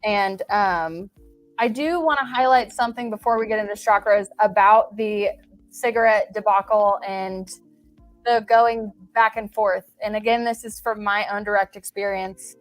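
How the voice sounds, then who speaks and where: A woman, a podcast guest, talking in an emphatic, energetic, motivational way. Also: medium pitch, normal speed, faint music behind, poor audio. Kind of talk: casual chat.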